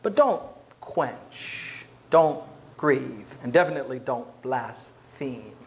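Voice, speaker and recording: A man's voice: medium pitch, animated, slow pace. A man preaching a sermon as a pastor in a church, talking to the congregation in a conversational way. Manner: conversational, acts out quoted voices.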